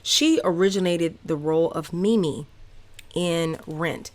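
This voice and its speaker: A woman in her thirties with a Southern US accent, telling personal stories on her podcast in a candid, animated way with many fillers. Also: fairly low pitch, unhurried. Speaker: podcast host. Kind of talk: casual personal storytelling.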